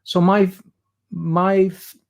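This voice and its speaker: A man's voice: high-pitched, little pitch movement, takes it slowly, gravelly, highs cut off. A man with an Irish accent, a guest artist chatting and explaining while he draws on a livestream. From Ireland. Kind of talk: drawing demo chat on a livestream.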